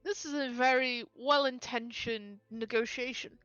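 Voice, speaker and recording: A woman playing a tabletop game, bargaining in character with a brisk, bossy, cheeky manner. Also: fairly high pitch, fairly even intonation, dull audio, over music. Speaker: player.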